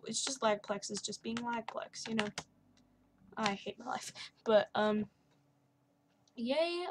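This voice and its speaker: A woman's voice: medium pitch, a little hiss or hum. A young woman casually commenting over her Minecraft gameplay, chatty and sarcastic with self-mocking asides. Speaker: gaming channel host. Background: keyboard and mouse clicks.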